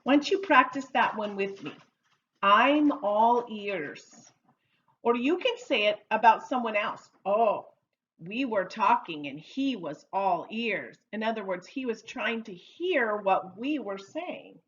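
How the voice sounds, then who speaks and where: A woman teaching English idioms in a slow, repetitive lesson, playfully drawing out each phrase for learners to repeat. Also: fairly high pitch, animated, a bit bright, highs cut off. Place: Oregon.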